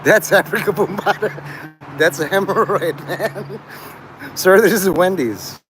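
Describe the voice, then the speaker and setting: A man's voice: high-pitched, a little slow, a bit bright, faint music behind, poor audio. A man hosting a livestream, talking to his chat in a crude, rambling way and laughing at his own jokes. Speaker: livestream host.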